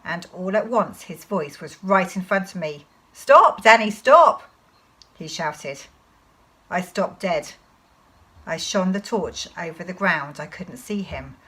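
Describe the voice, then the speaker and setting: A woman teacher reading a children's novel aloud to her class in an expressive storytelling manner. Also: fairly low pitch, a little slow, slightly rough, low-quality recording.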